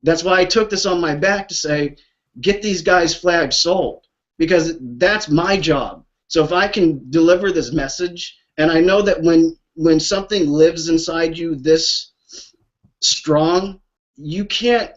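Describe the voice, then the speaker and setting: A man speaking on a group call with a fairly high voice, emotional and blunt, swearing freely and repeating himself as he pushes his point. The sound is dull and lo-fi, like call audio. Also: unhurried. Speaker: organizer of a veterans' flag program. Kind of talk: impassioned talk on a group call. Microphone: call line.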